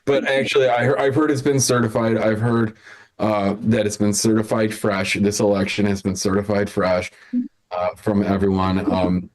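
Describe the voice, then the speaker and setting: A man's voice: on the low side, level tone, normal speed. A man hosting an online comedy show, rambling and restarting, laughing at his own jokes. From Chicago area. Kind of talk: casual hosting banter on a video call.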